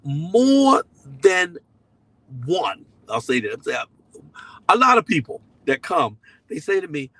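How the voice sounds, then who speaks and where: A man's voice: a little high, wildly swooping pitch, slow, sharp tone, dry recording, poor audio. A middle-aged man, a pastor, preaching in a conversational, emphatic way, often repeating key phrases. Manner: slips into voices when quoting people. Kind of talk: sermon-style teaching to a live online audience.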